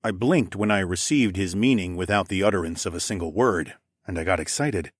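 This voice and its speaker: A man reads a first-person story aloud in a steady, measured way, his voice sitting fairly low. The recording is dry and close, with no room sound. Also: slightly rough, no echo. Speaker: audiobook narrator. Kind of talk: scripted first-person narration.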